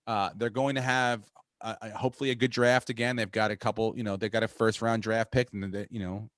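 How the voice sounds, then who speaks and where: A man hosting a podcast, talking sports in a profane, rambling, excitable way. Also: fairly low pitch, brisk, dry recording. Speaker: podcast host. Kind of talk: casual sports chat.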